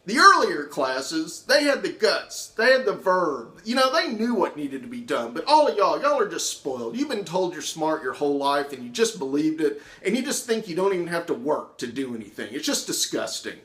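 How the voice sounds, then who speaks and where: A man's voice: lowish voice, expressive, takes it slowly, fairly bright tone. A man voicing an older male Texan drama professor with a laconic, mean drawl that flares into scolding. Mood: furious, scolding. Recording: echoey room.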